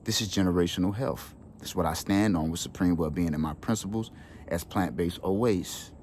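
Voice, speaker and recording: Man, low voice, emotional storytelling, casual slang, faint room ambience. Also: fairly quick, darkish tone, a little hiss or hum. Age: adult with children. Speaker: wellness channel host. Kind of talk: heartfelt personal storytelling.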